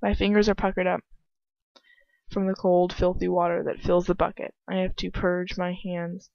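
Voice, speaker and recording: Woman, first-person story reading, gravelly voice, dry close sound, muffled lo-fi recording. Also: fairly low pitch, completely flat delivery, normal speed, a little mellow, no echo. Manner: breaks off to laugh and comment on the text. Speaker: fan fiction reader. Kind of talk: reading aloud with casual asides. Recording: dull, dry home recording.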